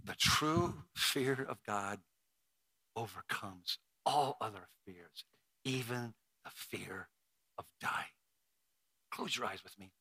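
Male preacher, crisp bright tone, restarts and repeats words, close dry mic. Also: lowish voice, slow pace, pauses often, no room sound. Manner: emotional storytelling with frequent restarts and repeated words. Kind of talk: sermon with personal story.

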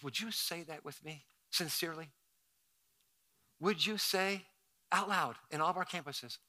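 A man with a high, very bright, forceful voice delivers a church sermon. He drops to a near-hush for intimate moments, then climbs into loud, ringing preaching. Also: fairly quick. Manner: swings from hushed intimacy to shouted preaching. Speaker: pastor. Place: church with several campuses.

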